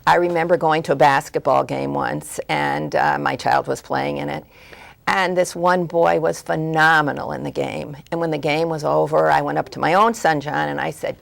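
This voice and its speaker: A woman's voice: deep voice, fairly even intonation, moderate pace, creaky. A middle-aged woman, a former school guidance counselor, earnestly giving parenting advice as a talk show guest and acting out parents and children.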